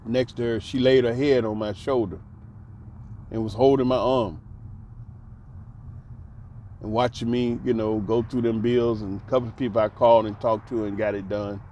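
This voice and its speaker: A man telling a personal story in a casual monologue, laughing often and dropping to soft low tones, repeating words for emphasis. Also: a little hiss or hum. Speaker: host.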